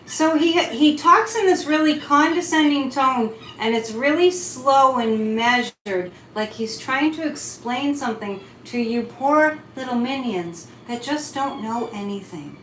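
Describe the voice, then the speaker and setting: Hosting a psychic live stream, a woman talks casually and animatedly in a high-pitched, fairly bright voice, answering viewers' chat comments along the way. Faint noise and echo come from the room.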